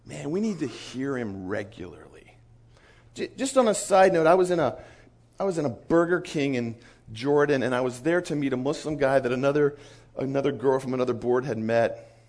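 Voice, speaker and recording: A man giving a storytelling sermon as a missionary speaker, animated and acting out the voices of people in his stories. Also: medium pitch, normal speed. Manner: animated, acts out quoted voices. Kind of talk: storytelling sermon to a conference crowd.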